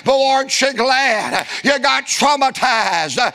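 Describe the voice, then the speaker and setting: Brief: male preacher, very high and bright voice, folksy comic storyteller who rises to shouted appeals in church. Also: animated, slow. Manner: folksy, humorous, building to shouted exhortation. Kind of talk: storytelling sermon. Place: church sanctuary before a congregation.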